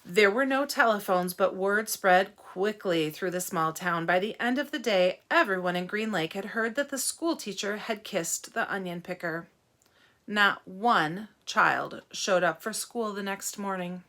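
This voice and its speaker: A woman reading a novel aloud to children and stopping to ask them gentle, teacherly questions. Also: medium pitch, a little slow. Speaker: read-aloud narrator for children.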